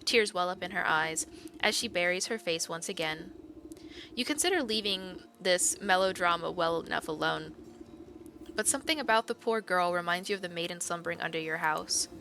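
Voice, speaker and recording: A woman's voice: on the low side, normal speed, sharp tone, a little hiss or hum. A woman co-hosting a gaming channel, reading a game's story text aloud expressively. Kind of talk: reading game narration aloud.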